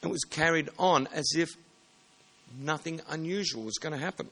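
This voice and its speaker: A man's voice: a little high, normal speed, pushed and bright. A man preaching a sermon in a plain, conversational way, sometimes stopping to correct himself. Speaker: pastor.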